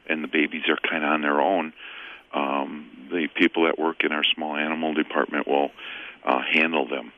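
A man who owns a pet store, a guest on a radio call-in show, giving relaxed, plain-spoken advice with many fillers. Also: very deep voice, no room sound, phone-quality sound.

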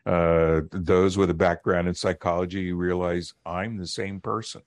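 Deep-voiced middle-aged man explaining. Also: little pitch movement, no room sound. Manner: measured, explanatory, with occasional fillers. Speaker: linguist and professor, radio guest. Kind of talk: radio interview.

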